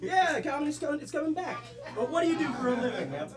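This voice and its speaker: A man hosts a live improv comedy show from the stage, loud and playful as he lays out the rules. A lively audience reacts all around him. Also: very high-pitched, fast. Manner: loud, joking, explains rules to the crowd.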